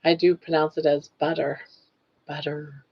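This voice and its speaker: A woman's voice: low voice, slow pace, dull audio. A woman in her sixties hosting a casual live stream, chatting and laughing as she reads out comments. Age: 60s. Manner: chatty, laughs often, playful about pronunciation.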